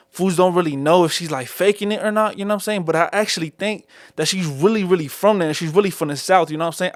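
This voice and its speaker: A man's voice: a little high, no room sound, clean studio sound. A young man with a Chicano English accent hosting a casual solo podcast, rambling in slang and calling everyone "fool.". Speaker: podcast host. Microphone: studio mic.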